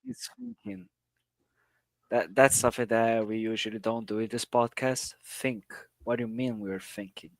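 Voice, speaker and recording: A man's voice: lowish voice, fairly even intonation, normal speed, hardly any pauses, no echo. A man co-hosting a casual podcast, teasing the others, laughing often and swearing. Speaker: podcast co-host. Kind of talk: casual chat.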